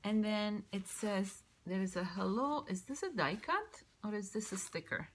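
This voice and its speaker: A woman vlogger opening a birthday craft mail, gushing and excitable, now and then dropping into a whisper. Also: medium pitch, normal speed, a little hiss or hum. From Canada. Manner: gushing, excitable, keeps exclaiming how cute things are. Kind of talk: casual show-and-tell unboxing.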